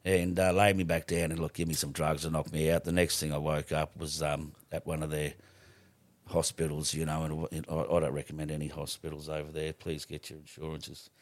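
A middle-aged Australian man with a very low voice tells a story casually, swearing freely and rambling through restarts. He is recorded close and dry with no room sound. He is a podcast guest. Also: completely flat delivery, a little fast, dry recording.

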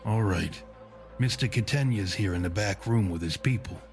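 A man's voice: on the low side, moderate pace, a little mellow, faint music behind, lightly acted. A man voicing a nervous, sweaty middle-aged bar owner who stammers with many hesitations. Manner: hesitant, full of "uh"s.

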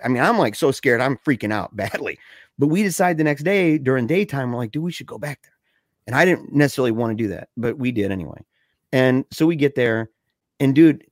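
A young man telling a scary story in a casual way, excited and slangy, saying dude and man a lot. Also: fairly high pitch, no echo, studio quality.

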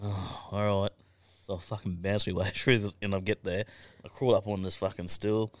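A man's voice: fairly low pitch, level tone, moderate pace, dry recording. A young Australian man on a podcast, telling stories in a casual chat. He swears constantly and laughs through his stories. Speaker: podcast guest.

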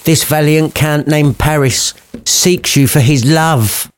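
A man's voice: a little high, slow, smooth, no echo, voice pushed up. A man voicing a bossy, impatient noblewoman mother in a comic storybook retelling, formal and commanding.

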